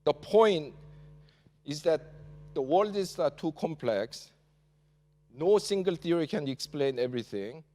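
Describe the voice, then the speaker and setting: With a slightly high, somewhat mellow voice, lively intonation, an unhurried pace and long pauses, a Korean-accented guest lecturer from South Korea teaches a university class in English. He fills gaps with "uh" and finishes points with "yeah?", all captured in a reverberant large lecture hall.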